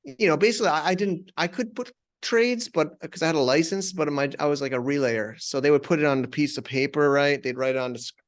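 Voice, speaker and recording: A man, a podcast guest, telling a personal story conversationally with many restarts and animated retellings. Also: on the high side, fast.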